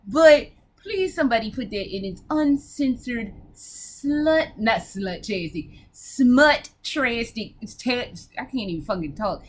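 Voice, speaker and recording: A woman hosting a casual video game vlog, talking in a brash, profane, rambling way with frequent giggles. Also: high-pitched.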